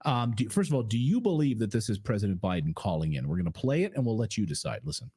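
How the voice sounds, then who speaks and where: A man's voice: fairly low pitch, sing-song, fast talker, dark tone, slightly rough. A man hosting a casual political commentary stream, rambling, with frequent fillers and restarts.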